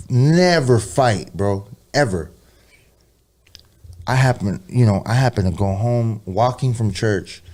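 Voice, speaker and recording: A man telling a personal story in a rambling, profane way, full of slang asides, who drops low and quiet for the eerie parts. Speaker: podcast guest, rapper. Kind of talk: casual storytelling interview.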